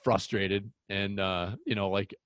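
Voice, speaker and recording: Low-voiced young man telling hunting stories. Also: a little slow, dry recording. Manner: rambling storyteller, excitable. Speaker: podcast host. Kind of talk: casual hunting podcast chat.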